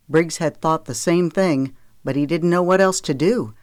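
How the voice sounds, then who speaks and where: Measured audiobook narrator, dry studio sound. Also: mid-range voice, dry recording. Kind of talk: scripted narration of a romance novel.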